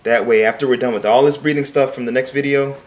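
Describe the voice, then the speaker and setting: A man's voice: medium pitch, fairly even intonation, fast talker. Male vocal coach, mid-range voice, earnest and emphatic teaching delivery. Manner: talks plainly and sings short demonstration phrases; earnest, repeats points for emphasis. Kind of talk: singing lesson.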